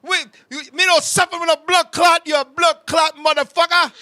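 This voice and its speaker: An insulted Jamaican man with a Jamaican accent yells and curses in outrage, as a man acts him out. His voice sits very high and comes out sharp and piercing. The sound is close and dry. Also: level tone, moderate pace, no room sound, full character voice. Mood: indignant. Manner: shouting, cursing, offended. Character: angry insulted Jamaican man, middle-aged.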